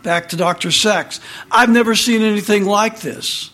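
A man's voice: sits high, normal speed, bright, forceful tone. A middle-aged man reading political commentary aloud, indignant and marking every quotation with "quote" and "close quote".

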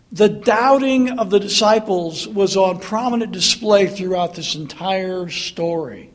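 A man's voice: high voice, unhurried, hardly any pauses. A male pastor preaching a sermon in a conversational, earnest way with mocking asides.

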